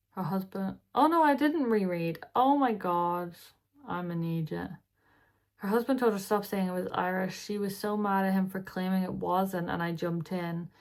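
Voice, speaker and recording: A tired woman with a lowish voice reads online posts aloud for her channel, stopping often for casual, sighing remarks of her own. She keeps it loose and chatty, as if talking to friends late at night. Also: creaky, a little mellow. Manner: chatty, sighing, breaks off to talk to her pet. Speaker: reaction video host.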